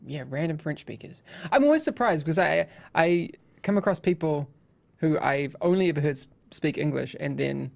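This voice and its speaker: A man's voice: a little high, expressive, moderate pace, creaky. A man hosting a casual podcast, telling chatty anecdotes with lots of restarts. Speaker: podcast host.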